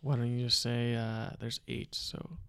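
A man's voice: medium pitch, flat delivery, unhurried, creaky, fairly bright tone, smooth, no room sound, studio quality. A man co-hosting a podcast in casual chat, often switching into a playful mock-announcer delivery. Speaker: podcast co-host.

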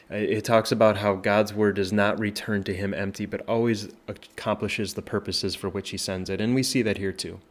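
A man pastor teaching a Bible passage in a conversational way, often asking "right?" and restarting his sentences. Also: lowish voice. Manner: conversational, many "right?" tag questions and restarts, rises when voicing Jesus. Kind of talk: informal Bible study teaching.

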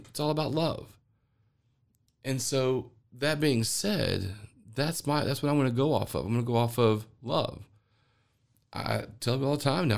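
A podcast host with a medium-pitched, gravelly voice delivers a spiritual monologue. He rambles earnestly through spiritual ideas, often repeating words as he thinks aloud.

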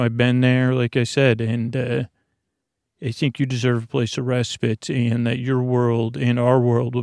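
Gravelly, soft-spoken rambling man. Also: mid-range voice, dry recording, clean studio sound. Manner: meandering, soft-spoken, full of restarts and asides. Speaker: sleep podcast host. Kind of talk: rambling bedtime monologue.

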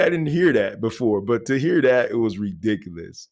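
A man's voice: fairly low pitch, sing-song, moderate pace, few pauses. A man telling a personal story in a casual, rambling way, full of fillers. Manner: rambling, laid-back, many fillers and "you know what I mean".

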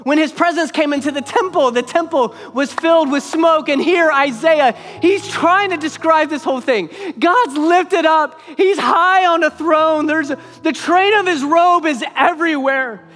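High pitched preacher giving an emphatic sermon, repeats lines for effect, big reverby church. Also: normal speed, few pauses, fairly bright tone. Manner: emphatic, repeats phrases for weight. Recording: long hall reverb with faint music.

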